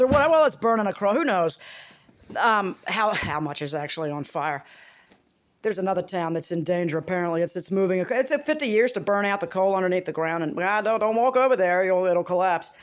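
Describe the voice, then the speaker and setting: A woman's voice: medium pitch, expressive, a little fast. A woman vlogger talking to camera in a rambling, profane, exasperated rant.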